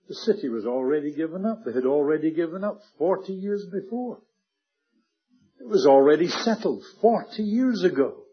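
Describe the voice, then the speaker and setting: Male preacher, husky, earnest sermon delivery, muffled old recording. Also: fairly high pitch, animated. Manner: earnest, emphatic, slows and drops to a hush on key words.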